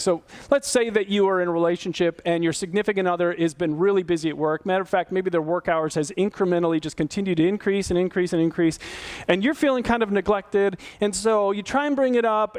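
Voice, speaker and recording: A man's voice: sits high, fairly quick. A male pastor preaching a sermon in a conversational, emphatic way, often putting questions to the congregation.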